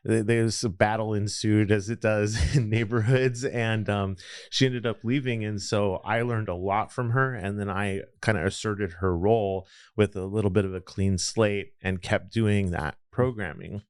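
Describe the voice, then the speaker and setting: A man's voice: on the low side, fairly even intonation, normal speed, clear, resonant tone, dry recording, studio quality. A man, telling his story as a podcast guest in a reflective, rambling way. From Los Angeles area. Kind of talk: casual interview storytelling.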